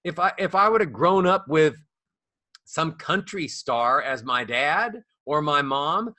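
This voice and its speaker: A man's voice: on the high side, expressive, slow, sharp tone, dry recording. A man talking as a voice coach guest on a podcast, playful and acting out the voices of others. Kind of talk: animated podcast conversation.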